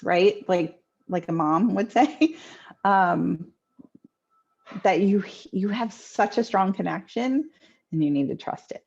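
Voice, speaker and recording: Slow gravelly woman medium. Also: mid-range voice, expressive, a little mellow, muffled recording. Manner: chatty, hesitant with many ums, laughs easily. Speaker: medium giving readings. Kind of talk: live online intuitive readings. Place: home near a kitchen.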